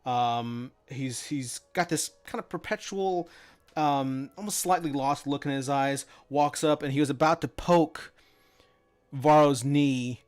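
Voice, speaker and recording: A man's voice: medium pitch, unhurried, smooth. A man narrating as the game master of a tabletop game, in a rambling way. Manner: rambling, many fillers and restarts.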